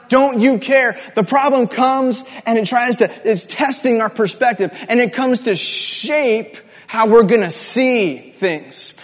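A man preaches in a light, high voice, conversational and emphatic, hammering home repeated words. A long hall reverb trails behind every phrase. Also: fairly bright tone. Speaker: pastor. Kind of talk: sermon.

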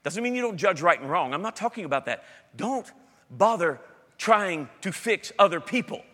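A middle-aged man, a pastor, preaching a sermon with emphatic swings between loud declarations and hushed intensity. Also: extremely high pitch. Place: large church hall. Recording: long hall reverb.

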